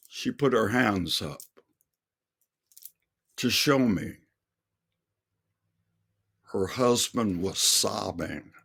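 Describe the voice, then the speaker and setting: An older man tells a personal story slowly and earnestly. His voice sits low and has a gravelly edge. He takes his time with every phrase. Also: a bit bright. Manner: slow, earnest storytelling with quoted dialogue. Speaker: singer and speaker. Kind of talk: testimony storytelling.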